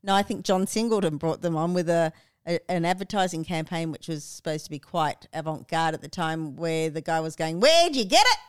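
A woman's voice: sits low, little pitch movement, a little fast, a little mellow, clear, resonant tone, no room sound, studio quality. Chatty middle-aged Australian woman. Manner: chatty, explains at length. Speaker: guest, co-host's mother. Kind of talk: casual podcast chat.

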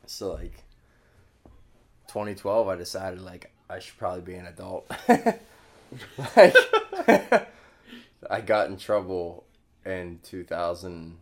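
Casting: thirties male podcast guest, very low voice, laid-back skater talk, heavy swearing. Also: slow, long pauses. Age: 30s. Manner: laid-back, swears a lot, laughs often. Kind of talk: casual chat.

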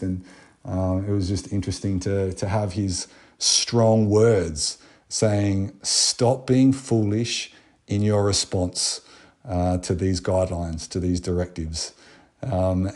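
An Australian man preaches in a relaxed, conversational way, moving between Bible readings and plain talk. His voice sits low and sounds mellow and dark. He fills pauses with small ums and restarts. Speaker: pastor. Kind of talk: sermon.

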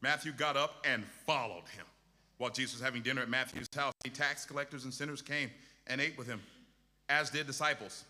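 A man's voice: medium pitch, brisk, pushed and bright, long reverb tail. A male pastor preaching a sermon with impassioned, repetitive exhortations.

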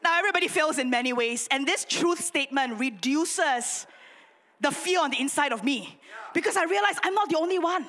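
Bright animated woman preacher. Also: sits high, brisk. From Singapore. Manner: animated storytelling, self-mocking with laughs and acted gasps. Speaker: pastor. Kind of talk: sermon.

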